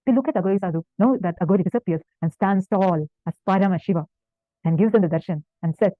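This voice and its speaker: A woman's voice: fairly low pitch, quick pace, no echo. A woman spiritual teacher telling a devotional story in a sermon, earnest and fervent, repeating points for emphasis. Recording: tinny phone-like dry sound.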